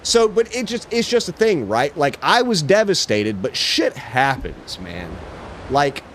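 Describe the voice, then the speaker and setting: A man's voice: on the high side, big pitch swings, unhurried, a bit bright. Laid-back male streamer, slangy and profane, over a faint noisy background. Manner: laid-back, swearing, lots of "bro" and "dude". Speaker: livestreamer. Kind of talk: casual chat while gaming.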